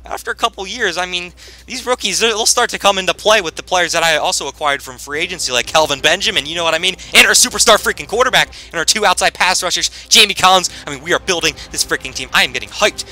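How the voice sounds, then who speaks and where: A man giving casual, rambling gameplay commentary as he plays, with sudden loud bursts of hype. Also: sits high, animated, fast. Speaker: gaming commentator.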